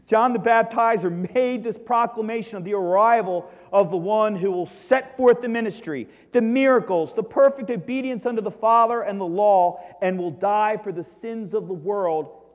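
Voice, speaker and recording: A male pastor delivers an emphatic sermon in a high, bright-edged voice. He rises to loud exclamations and drops to quiet, almost hushed asides. The sound rings with the long reverb of a church sanctuary. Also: normal speed.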